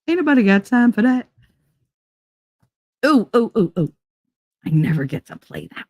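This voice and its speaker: A woman hosting a casual chat show, telling a story in a blunt, animated way and swearing freely. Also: on the high side, moderate pace, long pauses, dry recording. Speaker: host.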